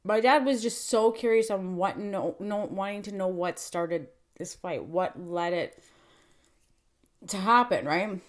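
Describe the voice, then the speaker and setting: A woman's voice: medium pitch, unhurried. A young woman telling a story in casual vlog chat, full of fillers and acted-out quotes. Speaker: mukbang vlogger.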